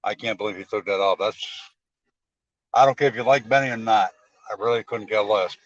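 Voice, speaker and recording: A man with a somewhat low voice talking quickly and bluntly, often with a sarcastic edge. He sounds dull and muffled, like a lo-fi recording. The sound is dry. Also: dry recording. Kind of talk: casual chat.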